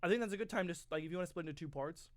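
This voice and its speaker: A man's voice: high-pitched, racing, no echo. A young man co-hosting a podcast, chatting casually and rambling through stories, often acting out movie quotes. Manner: rambling storyteller, acts out movie quotes loudly. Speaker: podcast co-host. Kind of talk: casual chat.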